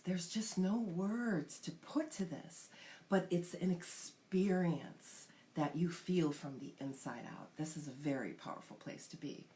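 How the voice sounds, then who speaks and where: A woman's voice: fairly low pitch, a little mellow. A woman spiritual coach teaching a class, explaining step by step in an earnest way and acting out inner voices.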